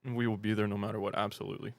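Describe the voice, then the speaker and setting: A man's voice: on the low side, little pitch movement, very fast, creaky, dry recording. A British man hosting a fan livestream, chatting casually and joking as he answers viewer comments. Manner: rambling and joking, self-deprecating, with many restarts. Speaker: fan channel livestream host.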